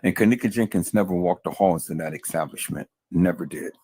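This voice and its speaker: A man with a very deep, husky voice rants to his livestream viewers, stumbling over repeated words in his anger. The sound is dry and close, like a desk mic right at his computer. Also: brisk, mellow, no room sound. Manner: furious, repeats himself, addresses viewers as peoples. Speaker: livestream host. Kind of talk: angry livestream commentary.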